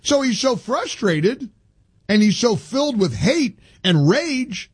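A man's voice: extremely high pitch, very animated, takes it slowly, slightly rough, no room sound. A man hosting a talk radio show in a studio, delivering an indignant, emphatic monologue full of restarts.

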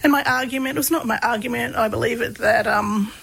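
Gravelly-voiced woman telling stories. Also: a little high, fast, slight background noise, poor audio. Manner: relaxed, many fillers, laughs while telling stories. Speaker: interview guest, researcher. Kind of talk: casual conversational storytelling.

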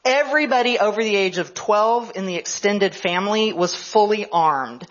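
A woman's voice: mid-range voice, animated, moderate pace, muffled recording. A woman history professor giving a conference lecture, telling a story in a conversational way.

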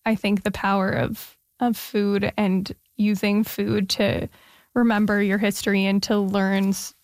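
A woman's voice: medium pitch, flat delivery, a little slow, dry recording, studio quality. A woman hosting an interview, asking thoughtful follow-up questions in a conversational way.

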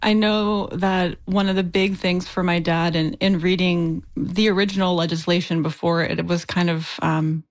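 A woman guest in a radio interview, speaking earnestly with soft laughs now and then. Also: on the low side, fairly even intonation, moderate pace, hardly any pauses.

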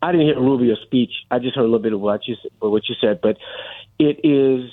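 A man's voice: mid-range voice, fairly quick. A middle-aged man calling in to a radio talk show, making his argument insistently and holding the floor. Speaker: caller. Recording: tinny phone line.

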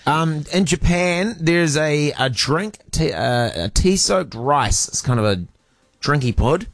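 A man's voice: a little high, lively intonation, slow, creaky, no echo, studio quality. A man co-hosting a radio show in casual chat, reading listener messages and adding hesitant uhs. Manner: reads out items with hesitant uhs. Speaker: radio co-host.

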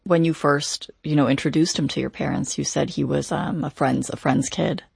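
A woman interviewer who asks gentle, encouraging questions. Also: sits low, steady tone, moderate pace, vocal fry, slightly rough, dry recording, clean studio sound. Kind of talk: conversational interview.

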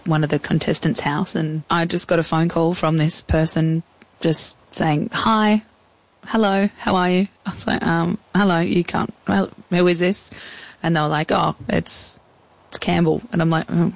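A woman's voice: low voice, flat delivery, moderate pace, gravelly, poor audio. A woman in her thirties with an Australian accent, chatting as an interview guest and acting out old phone calls in quoted voices. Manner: chatty, acts out past conversations in quoted voices. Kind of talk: casual storytelling in an interview.

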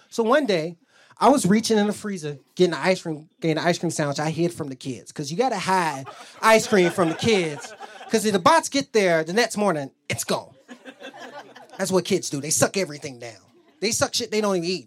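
A man's voice: high voice, lively intonation, a little fast, a bit bright. A man doing a stand-up comedy set on a club stage, telling profane stories and acting out the voices of the people in them. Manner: loose, profane storytelling with acted-out voices.

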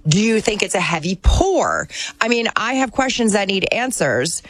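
A woman co-hosting a radio talk show in casual banter, playful and quick to laugh and exclaim. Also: mid-range voice, sing-song, a bit bright, no room sound.

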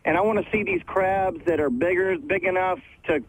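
A man's voice: high-pitched, steady tone, normal speed, slight background noise. Upbeat young man on a phone call. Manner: upbeat, laughs often. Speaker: guest musician. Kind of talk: phone interview chat.

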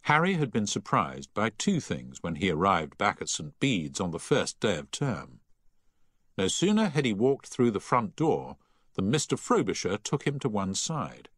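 Deep, expressive male audiobook narrator. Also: normal speed, husky, no room sound, studio quality. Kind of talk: scripted narration.

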